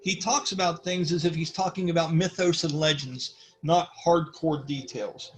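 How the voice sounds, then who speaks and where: A man's voice: on the high side, normal speed, soft background music. Rambling male game master. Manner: relaxed, rambling, many fillers. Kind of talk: narrating a tabletop game.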